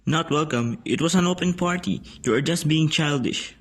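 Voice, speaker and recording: A man's voice: fairly high pitch, normal speed, close to an everyday voice. A boy playing a scoffing, defiant young man. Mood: scornful. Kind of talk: amateur school play acting.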